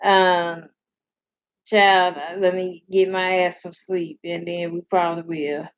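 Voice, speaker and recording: A woman's voice: lowish voice, little pitch movement, takes it slowly, dull audio. A sleepy woman hosting a casual live stream, rambling, laughing and answering comments from her chat.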